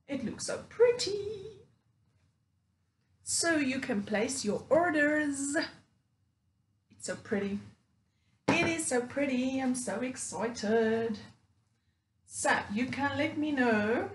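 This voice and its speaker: A woman selling shoes who gushes over her delivery in a casual unboxing vlog, repeating herself with excitement. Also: sits high. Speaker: online seller. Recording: echoey room with background noise.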